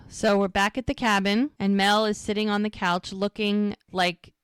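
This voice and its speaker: A woman co-hosting a podcast, casually recapping a TV episode and acting out the characters' lines in an animated way. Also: mid-range voice, moderate pace, clean tone, no echo, clean studio sound. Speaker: podcast co-host.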